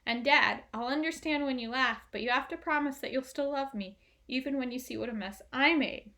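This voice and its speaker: A woman voices a frank, wry teenage girl in a storybook. She talks eagerly, in a bright, raised voice. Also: high-pitched, fairly quick, pitched above the performer's own voice.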